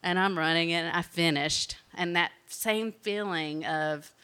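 Southern lady from alabama telling a story, lowish bright voice, chatty and laughy. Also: unhurried, clear, resonant tone. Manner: animated, chatty, often laughing. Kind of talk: personal storytelling.

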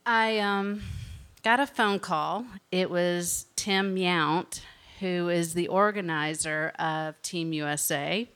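A woman from Alabama with a Southern accent, telling a personal story in an animated, chatty way. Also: on the low side, slow pace, clean tone. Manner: animated, chatty, often laughing.

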